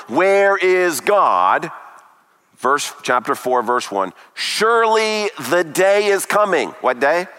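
A man preaching a sermon emphatically, with dramatic pauses and rhetorical questions. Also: sits high, sharp tone, big-room sound.

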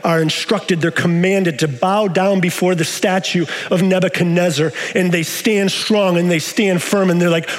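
A male pastor delivering a sermon, moving between quiet low stretches and raised, emphatic questions to the congregation. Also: fairly even intonation, moderate pace. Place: church sanctuary. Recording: long reverb of a large hall.

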